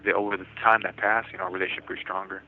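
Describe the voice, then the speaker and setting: Man, fast-talking, lowish voice, tinny phone line, restarts a lot, personal storytelling. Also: level tone. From United States. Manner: talks in quick bursts with many restarts, laughs telling stories. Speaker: incarcerated interviewee. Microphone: telephone.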